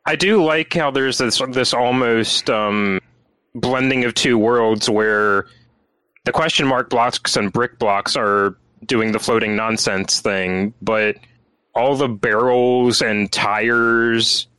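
Man, podcast co-host, bright tone, dry close sound, analytical casual chat. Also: medium pitch, steady tone, clean tone, no echo, rough recording. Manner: measured, analytical, many fillers.

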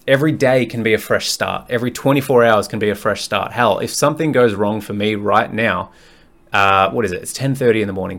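A male fitness coach hosting his own podcast, speaking in a somewhat low voice. He talks frankly and bluntly, swears freely, and rambles in a loose, conversational way, as if thinking out loud. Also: brisk, creaky. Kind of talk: candid solo podcast monologue.

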